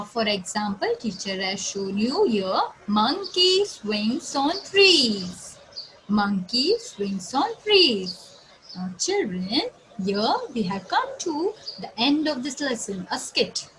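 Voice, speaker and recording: An Indian woman teaching young children an English lesson, explaining slowly in a sing-song manner and imitating animal sounds. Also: sits high, fairly bright tone, a little hiss or hum, rough recording. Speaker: schoolteacher.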